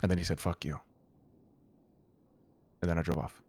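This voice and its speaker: A man's voice: low voice, fairly even intonation, racing, a little mellow. A man in character in an online roleplay, telling a heated, profane story to a friend. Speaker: roleplay gang member recounting events.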